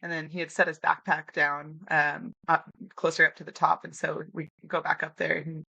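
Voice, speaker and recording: A young woman guest telling lively stories in a casual interview, acting out quotes and laughing often. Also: low voice, moderate pace, creaky, no echo. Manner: animated storyteller, acts out quotes, laughs often. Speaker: podcast guest, new hunter.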